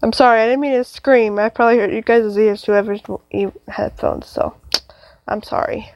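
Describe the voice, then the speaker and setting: A woman's voice: fairly high pitch, steady tone, normal speed, a little mellow, no room sound, low-quality recording. A young woman commenting on a horror game as she plays, jumpy and talking to her viewers. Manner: jumpy, exclaiming, talks to viewers. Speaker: gamer.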